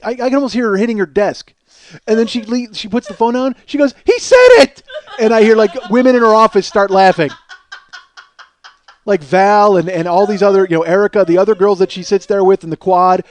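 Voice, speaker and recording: A comedy podcast host tells a long, rambling solo story about himself, full of self-mockery and profanity. His voice sits high with a steady tone, and he talks a little fast.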